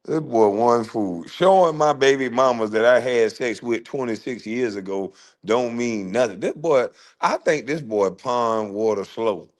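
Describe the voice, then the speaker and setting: A man, ranting in a loud, taunting roast, firing repeated questions and laughing often. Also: mid-range voice, a little slow. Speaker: host. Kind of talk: roast rant.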